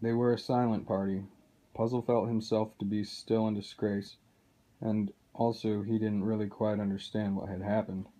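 Dark-toned man reading a storybook. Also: on the low side, flat delivery, normal speed, poor audio. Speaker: reader. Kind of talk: reading a children's novel aloud.

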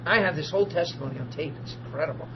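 A man preaching to a small group, telling testimony stories in a lively, informal way and acting out the people in them. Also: fairly high pitch, racing. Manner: animated, acts out quoted voices, laughs often. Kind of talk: informal sermon storytelling. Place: small group meeting room. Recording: dull lo-fi archive recording with faint hiss.

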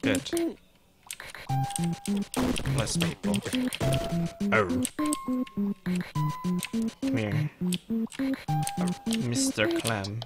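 Slow, lively-pitched gamer man. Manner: soft-spoken, mild and amused, reacting to the game. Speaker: let's play gamer. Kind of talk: casual gameplay commentary. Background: game music.

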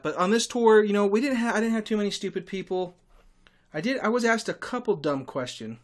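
A man hosting a podcast, telling stories in a sarcastic, irritable monologue with sudden loud outbursts. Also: mid-range voice. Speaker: podcast host and tour guide. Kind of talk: casual ranting monologue.

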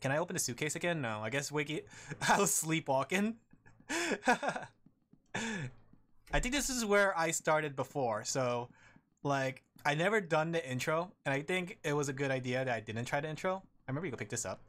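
A man's voice: on the high side, animated, normal speed, fairly bright tone. A man streaming a game, chatting casually with his viewers and laughing often as he plays. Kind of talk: casual gaming commentary.

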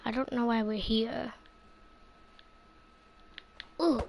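A woman's voice: a little high, flat delivery, slow, vocal fry. A woman giving casual gameplay commentary, rambling playfully and often dropping into a whisper. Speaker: gameplay channel host. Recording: loud hiss and clicks on a home mic.

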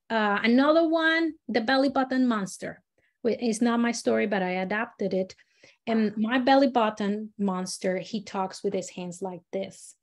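A woman leading a storytelling workshop who talks in a chatty way, often restarting her sentences and acting out examples. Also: a little high. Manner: chatty, many fillers and restarts, acts out examples. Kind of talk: casual teaching talk.

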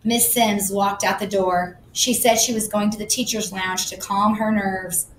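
A woman reads a children's chapter book aloud in the first person, plain and matter-of-fact, at a middle pitch. The room is echoey, with a faint low rumble in the background. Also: steady tone, measured pace. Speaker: audiobook narrator.

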